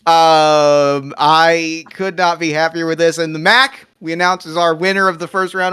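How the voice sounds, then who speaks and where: A man's voice: a little high, fairly even intonation, normal speed, few pauses, bright, forceful tone, clear, resonant tone. A man hosting a comedy podcast game, officiating the rounds and announcing winners with upbeat game-show flair. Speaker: host.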